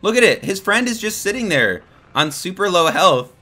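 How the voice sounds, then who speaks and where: An excitable young man streaming a game, talking straight to his chat. His voice is bright and a little high, swooping up and down as he swears and jokes through the action. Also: normal speed, faint music behind. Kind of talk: live gameplay commentary.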